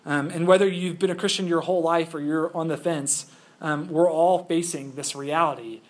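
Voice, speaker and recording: A man's voice: fairly high pitch, steady tone, normal speed. A male pastor preaching a sermon in a conversational way, full of rhetorical questions.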